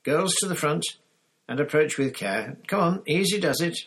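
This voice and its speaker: A man voicing a brisk, gruff woman teacher who barks curt commands. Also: fairly high pitch, animated, fairly bright tone, voice pushed up. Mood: commanding.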